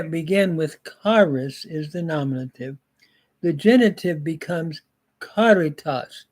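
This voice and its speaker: An older man teaching a grammar lesson, drilling word forms slowly with pauses and fillers. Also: on the high side, a little mellow. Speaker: Greek teacher.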